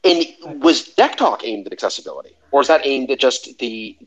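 A man's voice: medium pitch, sing-song, fairly quick, fairly bright tone, rough recording. A man hosting a casual tech chat, enthusiastic and exclaiming, with frequent stammering restarts. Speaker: host.

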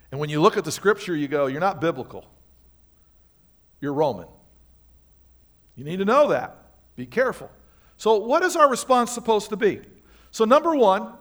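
A male pastor preaching a sermon in church, speaking emphatically and questioning the congregation directly. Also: on the high side. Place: church sanctuary.

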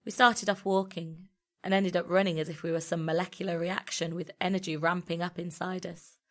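A woman reading a first-person story aloud in a measured, intimate storytelling manner. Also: lowish voice, level tone, fairly bright tone. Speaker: narrator.

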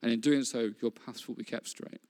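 A man preaching the close of a sermon on prayer in an earnest, measured way. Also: medium pitch, steady tone, darkish tone. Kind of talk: sermon closing.

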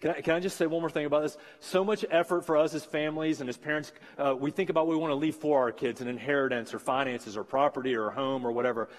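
A pastor in his forties preaches to his congregation, his fairly high voice carrying through a large, reverberant sanctuary. He talks earnestly and encouragingly, repeating his main lines for emphasis. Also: steady tone, fast, few pauses. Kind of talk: sermon. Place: church sanctuary.

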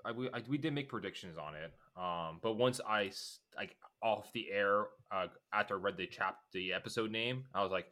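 Man, chatty podcast co-host, low voice, bright forceful tone. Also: moderate pace, few pauses. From New Jersey. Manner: eager, chatty, jumps in over others. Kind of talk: casual TV recap chat.

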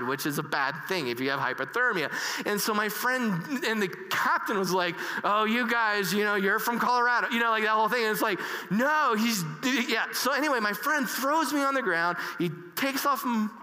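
A man telling a personal story earnestly, halting with many restarts and fillers. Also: high voice, bright, forceful tone. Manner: earnest and emotional. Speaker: speaker. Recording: reverberant hall.

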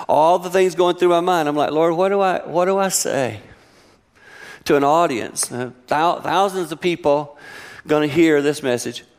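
A middle-aged man preaching a sermon, telling family stories with lively acted-out voices. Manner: animated storytelling, acting out voices with high-pitched exclamations. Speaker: pastor.

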